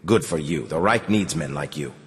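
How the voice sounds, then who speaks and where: A man narrating an audiobook and voicing a cheerful, scheming officer who talks in a brisk, chummy way. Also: a bass voice, voice pushed down. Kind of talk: audiobook character voice. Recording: long hall reverb.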